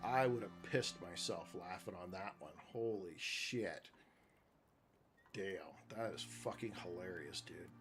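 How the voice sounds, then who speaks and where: A middle-aged man streaming a game, telling a crude story in a loose, profane, excitable way. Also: low-pitched, takes it slowly, faint music behind. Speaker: gaming streamer. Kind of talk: casual chat while gaming.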